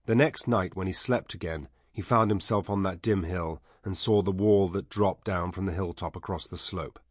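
A man reading a novel aloud as narrator, measured and even. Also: low-pitched, no echo, studio quality. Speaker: audiobook narrator. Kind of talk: scripted narration.

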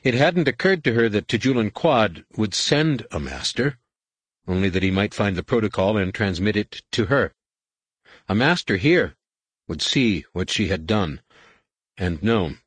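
A man narrating a science fiction audiobook in a measured, steady way. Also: on the low side, slightly rough, no echo. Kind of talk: scripted sci-fi narration.

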